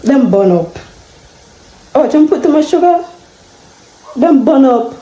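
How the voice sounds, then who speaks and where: A woman's voice: sits high, lively intonation, slow pace, dark tone, roomy sound, slight background noise, rough recording. A woman chatting casually while cooking, laughing at herself as she goes. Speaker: home cook vlogger. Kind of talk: casual cooking vlog chat.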